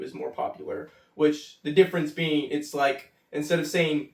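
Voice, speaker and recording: A man's voice: fairly high pitch, fairly even intonation, brisk, gravelly, few pauses. A young American man in his twenties, explaining everyday English phrases in a loose, chatty way full of fillers and asides. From United States. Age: 20s. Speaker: English tutor. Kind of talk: casual spoken explainer. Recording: roomy sound, voice from a distance.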